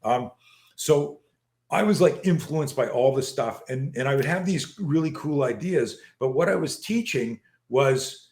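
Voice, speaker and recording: A man's voice: medium pitch, a little slow, darkish tone. Older man swearing, restarting, echoey room. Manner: profane, emphatic, many restarts, acts out dialogue. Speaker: guest, self-defense instructor. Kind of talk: animated storytelling in a podcast chat.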